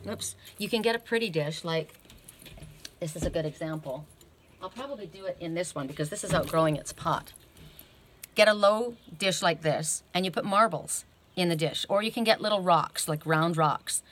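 A woman's voice: fairly low pitch, fairly bright tone, slight background noise. A woman giving an oracle card reading in a casual, rambling way, often thinking aloud and tagging her points with a questioning "right?".

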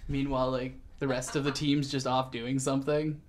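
A man's voice: medium pitch, little pitch movement. A man in casual podcast chat, rambling through a show's plot and briefly acting out the characters. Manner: rambling, acts out characters in quick put-on voices. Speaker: podcast co-host. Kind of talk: casual chat recapping a show.

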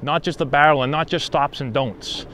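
A man's voice: fairly high pitch, moderate pace, a bit bright, a little hiss or hum. Upbeat man coaching baseball hitting. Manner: conversational, frequent "right?" check-ins. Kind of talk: casual instructional talk to camera.

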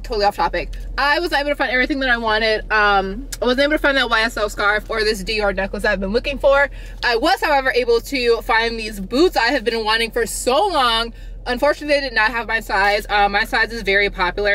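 A young woman vlogging in a casual, chatty way, her voice jumping up high when she gets excited. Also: quick pace. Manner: chatty and animated, swoops up high on exclamations. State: out of breath. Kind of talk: casual vlog chat.

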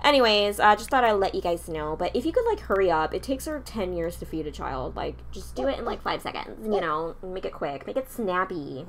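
A woman's voice: medium pitch, animated, brisk, hardly any pauses, slight background noise. A young woman casually commenting while playing a life-simulation game, chatting along and scolding her characters in exasperation. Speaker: gameplay streamer.

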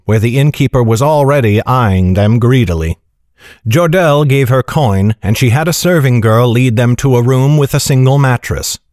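A man narrating a fantasy novel in a steady, even storytelling style. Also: mid-range voice, dry recording, studio quality. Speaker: audiobook narrator.

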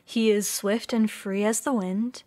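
A woman reading the part of a wise, ancient female turtle, speaking slowly and gently. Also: mid-range voice, fairly even intonation, lightly acted. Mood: solemn. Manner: slow, gentle and measured.

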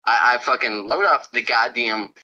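Very bright-voiced man ranting angrily. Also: medium pitch, moderate pace, dull audio. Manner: ranting, swearing, repeats "bro". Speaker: gamer friend. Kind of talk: angry rant in voice chat.

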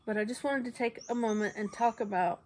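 Choked-up woman, earnest and soft. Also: on the high side, a little fast, a little hiss or hum. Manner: earnest, soft, drops to a near whisper at times. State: choked up, tearful. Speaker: banjo teacher. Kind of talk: heartfelt casual talk about faith.

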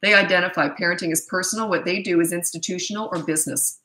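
A woman's voice: fairly low pitch, fairly even intonation, fast talker, bright, forceful tone, roomy sound, a little hiss or hum, poor audio. A middle-aged woman coaching parents in casual talk, blunt and emphatic, acting out the lines she quotes. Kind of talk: casual advice answering viewer questions.

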